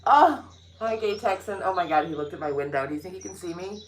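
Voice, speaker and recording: A woman's voice: fairly low pitch, fast talker, faint music behind. A woman vlogging in a casual morning chat, joking and talking to her dogs. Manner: chatty, joking asides, talks to her dogs. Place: indoors by a window, birds outside. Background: birdsong.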